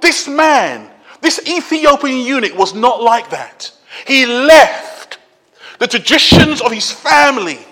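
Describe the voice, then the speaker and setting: A middle-aged man with a high, bright voice preaches a sermon. He talks conversationally and hammers points home through repetition. A long reverb from a large hall trails his words.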